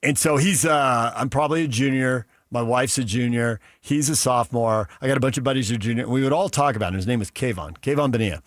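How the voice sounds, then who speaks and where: A man hosting sports radio, chatting casually and telling animated stories, mimicking friends in loud voices. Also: medium pitch, quick pace, few pauses, no echo, clean studio sound.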